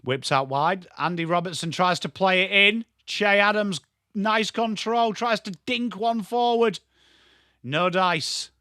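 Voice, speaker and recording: A man's voice: sits high, measured pace, pushed and bright, no room sound, clean studio sound. A man with an English accent giving live, chatty and jokey football watchalong commentary, greeting viewers by name. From England. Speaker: watchalong streamer.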